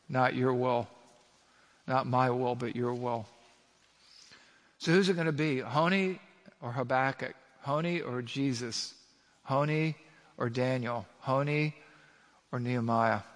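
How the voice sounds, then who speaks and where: A man's voice: medium pitch, steady tone, measured pace, long pauses. Emphatic preacher man in a reverberant hall. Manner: emphatic, asks the audience rhetorical questions. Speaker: pastor. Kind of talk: sermon.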